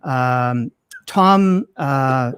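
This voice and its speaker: A middle-aged man, a guest copywriter, talking in an interview with animated emphasis and frequent restarts. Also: medium pitch, very slow, clean tone. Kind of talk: interview conversation.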